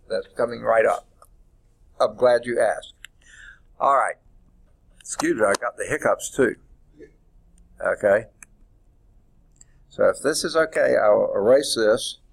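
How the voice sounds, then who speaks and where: Man lecturing slowly at a board. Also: medium pitch, vocal fry. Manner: deliberate, stretches words while writing on the board. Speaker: math instructor. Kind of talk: classroom lecture. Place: classroom.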